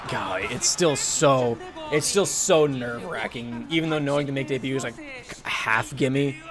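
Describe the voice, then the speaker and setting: A man's voice: medium pitch, measured pace, music in the background. A man streaming a game, chatting casually and animatedly, laughing often and swearing now and then. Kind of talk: casual gameplay commentary.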